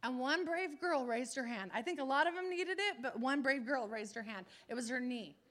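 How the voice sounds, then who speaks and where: Bright high-voiced woman preacher. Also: normal speed. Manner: animated storytelling, acting out the people she quotes. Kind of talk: testimony in a sermon.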